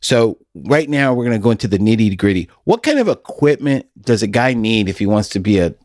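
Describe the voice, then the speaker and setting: Folksy middle-aged man, low, dry. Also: very animated, brisk, darkish tone, no room sound. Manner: folksy, storytelling, laughs often. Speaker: podcast host. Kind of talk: casual podcast chat.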